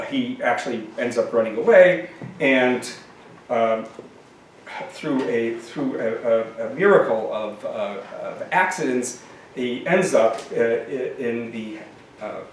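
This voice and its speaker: A man reads his own novel aloud with lively, expressive delivery at a middle pitch, and turns halting and filler-laden when he speaks freely. He is picked up by a distant mic in a very echoey room with faint background noise. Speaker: author reading his novel. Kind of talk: reading aloud from a novel, then summarizing it.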